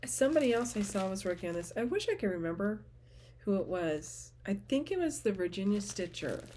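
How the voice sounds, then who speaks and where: A woman chatting casually to the camera at home as a vlogger, gushing and often trailing off into soft murmurs. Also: mid-range voice, big pitch swings, a little fast, slight background noise. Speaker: teacher and cross-stitch vlogger.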